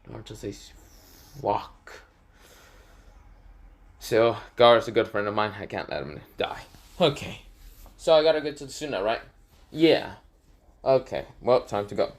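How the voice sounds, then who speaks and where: A man's voice: mid-range voice, lively intonation, normal speed. A man narrating an improvised fan story, rambling with lots of fillers and self-corrections.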